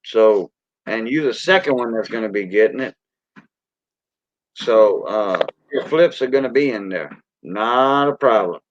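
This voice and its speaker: A man's voice: lowish voice, animated, measured pace, dry recording. A man with a Cajun accent hosting a casual livestream, rambling in a folksy way and greeting viewers by name. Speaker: livestream host. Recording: dull lo-fi dry sound.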